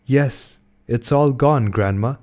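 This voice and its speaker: Frightened young girl, gentle, pleading, slow, read by a man. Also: medium pitch, close to an everyday voice.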